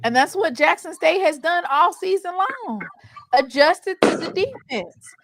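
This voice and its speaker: A woman's voice: very high-pitched, animated, measured pace, fairly bright tone. A woman firmly explaining football strategy in a sports debate.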